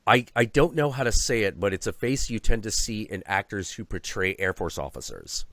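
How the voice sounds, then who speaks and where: A man hosting a casual interview over a video call, an animated storyteller who swears freely. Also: fairly low pitch, moderate pace, no room sound. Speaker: host.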